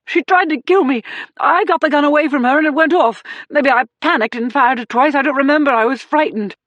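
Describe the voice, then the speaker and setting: A woman's voice: lively intonation, normal speed, no echo, muffled recording, lightly acted. Casting: woman narrator voicing a defensive celebrity husband under questioning, sputtering and tearful, dry close sound. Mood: pleading. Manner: sputtering, pleading, raised pitch. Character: slick male celebrity suspect, defensive, tearful.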